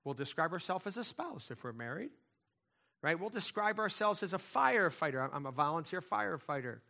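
A man preaching a sermon in a conversational way, dropping to quiet asides and rising to loud, emphatic points. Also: fairly high pitch, sing-song, a little fast, creaky. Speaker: pastor.

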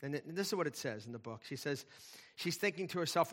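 A man's voice: on the high side, expressive, fast talker, fairly bright tone. A man preaching a sermon, telling a story to his listeners in an earnest, emphatic way. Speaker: pastor.

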